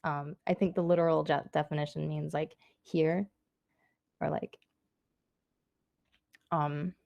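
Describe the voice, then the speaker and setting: A woman giving a casual online language lesson, chatty and loose with lots of fillers, saying practice phrases slowly and clearly. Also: low voice, steady tone, a little mellow, no room sound, dull audio. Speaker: Japanese language teacher.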